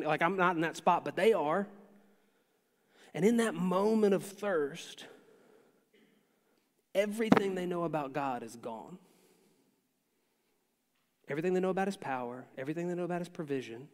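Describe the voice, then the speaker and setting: High-voiced preacher in a reverberant hall. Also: male voice, normal speed, long pauses. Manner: conversational preaching, acts out quotes. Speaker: pastor. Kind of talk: sermon.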